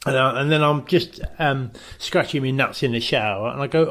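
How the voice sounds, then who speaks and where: A man co-hosting a podcast, telling a deadpan comic story. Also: mid-range voice, normal speed. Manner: deadpan storyteller who acts out voices. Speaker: co-host.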